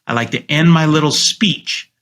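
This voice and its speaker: A middle-aged man, a guest real estate agent, talking casually in a podcast interview and confidently coaching how he pitches to sellers. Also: moderate pace, a bit bright. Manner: confident, coaching tone, acts out his sales pitch.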